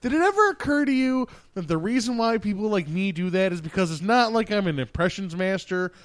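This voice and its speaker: A man's voice: sits high, lively intonation, brisk, no room sound. A man co-hosting a podcast, chatting casually and teasing his co-host. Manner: joking, teasing. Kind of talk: casual chat.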